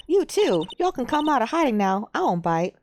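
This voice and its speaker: Lady doing a brassy southern drawl country gal, high and swoopy, game dub read. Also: sing-song, moderate pace, darkish tone, a little hiss or hum. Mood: brash. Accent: put-on American Southern drawl. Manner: folksy, boisterous, teasing. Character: brash loud country woman photographer, young adult.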